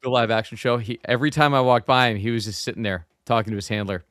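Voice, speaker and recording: Male podcast co-host, clear resonant voice, dry wry humor, close dry mic. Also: medium pitch, fairly even intonation, quick pace, a bit bright, no room sound. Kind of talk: casual chat.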